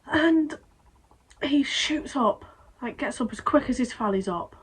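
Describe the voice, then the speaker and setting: A young woman vlogging casually, retelling an upsetting event in a rambling, emotional way with quick restarts. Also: high voice, animated, a little hiss or hum, rough recording. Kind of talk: casual vlog storytelling.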